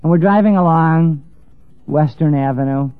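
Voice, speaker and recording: A man telling a personal story to an audience with passion, stammering at times and swinging from hushed to raised. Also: on the high side, normal speed, smooth, no echo. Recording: tinny lo-fi dry recording with faint music.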